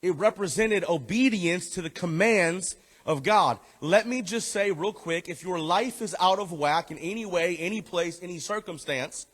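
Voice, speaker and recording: A man preaching in a fairly high voice, hammering home his points with repeated phrases and at times easing into a low, gentle appeal. His voice rings through a long reverb, as if filling a large hall. He switches between reading scripture and speaking straight to the congregation. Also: moderate pace. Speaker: pastor. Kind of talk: sermon. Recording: echoey hall.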